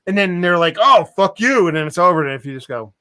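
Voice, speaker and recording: A man co-hosting a podcast in casual chat, animated and profane, swinging between loud and soft. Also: on the high side, racing, clear, resonant tone, no room sound. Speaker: podcast co-host.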